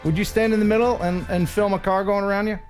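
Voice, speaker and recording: An American man hosting a casual live-stream chat, chatty and quick to laugh. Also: sits high, steady tone, soft background music. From USA. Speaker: host.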